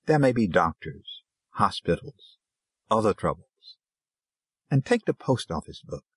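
A man voicing a patient, weary Zulu pastor's wife in an audiobook, speaking softly and pleadingly. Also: fairly low pitch, very animated, measured pace, husky, no room sound, full character voice. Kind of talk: audiobook character reading.

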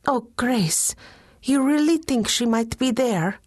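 A woman's voice: a little high, lively intonation, takes it slowly, no room sound, clean studio sound, pitched above the performer's own voice. A woman voicing a timid, anxious young Amish sister who speaks in a worried, pleading way.

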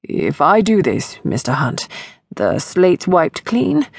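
A woman's voice: lowish voice, wildly swooping pitch, slow pace, creaky, husky, no echo, clean studio sound, heavily acted. A woman voicing a nervous, balding middle-aged shopkeeper who stammers and fumbles his words. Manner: stammering, flustered.

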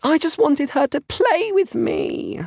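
A man voicing a whiny, tearful small girl in a children's audiobook, with a wobbly, slow, sobbing delivery. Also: very high-pitched, very animated, vocal fry, a little mellow, no echo, studio quality, pitched above the performer's own voice, heavily acted. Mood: sulky.

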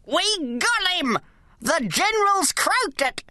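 An audiobook reader voicing an excited old man who thinks he is back at war, shouting orders. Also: very high-pitched, unhurried, voice pushed up, exaggerated voice. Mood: triumphant. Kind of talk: audiobook character voice.

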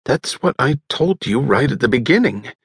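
A man's voice: mid-range voice, big pitch swings, normal speed, husky, no room sound, clean studio sound, pitched above the performer's own voice, exaggerated voice. A man narrating an audiobook voices a suspicious male field investigator who speaks bluntly and insistently.

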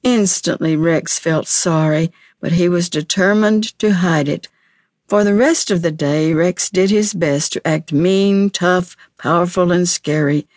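A woman narrating a children's storybook audiobook in a measured, clear storytelling manner. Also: fairly low pitch, a little mellow, no room sound, clean studio sound.

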